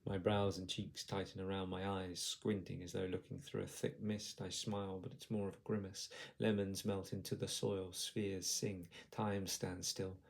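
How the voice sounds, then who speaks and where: A man, the author, reading his own novel aloud in a measured, lyrical way. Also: deep voice, level tone, creaky.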